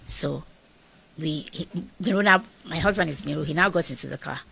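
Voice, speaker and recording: A middle-aged Nigerian woman telling a personal story in an interview, animated and acting out the dialogue of the people in it. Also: low-pitched, brisk, gravelly, a little hiss or hum. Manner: animated, acts out quoted dialogue. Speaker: guest.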